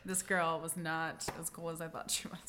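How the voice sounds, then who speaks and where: A woman's voice: low-pitched, flat delivery, a crowd in the background. Woman, casual podcast chat, filler-heavy, laughing often. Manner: chatty, many likes, quick laughs.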